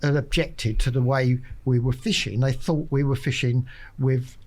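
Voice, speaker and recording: A man's voice: medium pitch, steady tone, normal speed, a little mellow, low-quality recording. A man, a podcast guest telling a rambling fishing anecdote in casual chat, full of restarts and repeated words. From England. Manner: rambling storyteller with many restarts. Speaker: podcast guest, match angler. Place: podcast studio.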